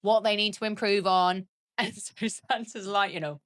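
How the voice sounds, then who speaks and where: A woman's voice: medium pitch, moderate pace, dry recording, studio quality. A woman in her thirties, co-hosting a casual podcast chat, telling stories with lots of laughter. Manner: chatty, laughing storyteller. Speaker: podcast co-host.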